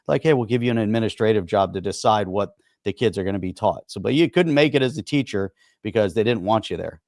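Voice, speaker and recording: A man with a lowish voice co-hosts a podcast, speaking loosely and emphatically. He leans on fillers and restarts as he makes his points. His voice is recorded dry and close, with little room sound. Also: fast talker, darkish tone, no room sound. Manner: rambling, emphatic, frequent "you know" fillers. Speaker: podcast co-host. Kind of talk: casual political chat.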